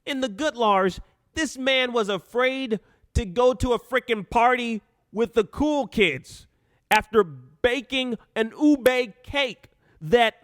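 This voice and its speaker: A high, bright-voiced man hosts a live call-in show, talking fast and animatedly and breaking off to laugh. The sound is close and dry, with no room echo. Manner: animated, laughs often, talks over himself.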